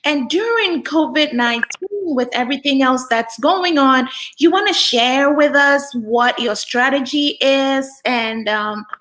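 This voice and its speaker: A woman host with a high, bright voice. She speaks slowly and leads the interview with friendly, unhurried questions. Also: a little hiss or hum, rough recording. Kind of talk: interview conversation.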